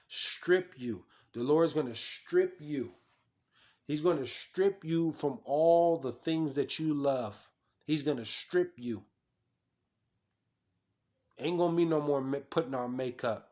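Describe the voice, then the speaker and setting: A man's voice: on the high side, slow pace, long pauses, a little mellow. A man preaching, reading scripture and commenting on it in a scolding, repetitive way, stumbling over restarts and fillers.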